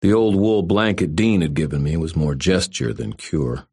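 A man's voice: sits low, moderate pace, gravelly, darkish tone, slightly rough, no room sound. A man reading a first-person story aloud with dry, wry delivery. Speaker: audiobook narrator. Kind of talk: first-person audiobook narration.

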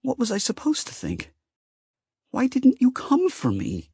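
A man's voice: sits high, animated, moderate pace, gravelly, slightly rough, no echo, studio quality, voice pushed up, heavily acted. A man voicing a fragile, hurt female fire spirit in an audiobook, speaking in a broken, small, pleading voice. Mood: anguished.

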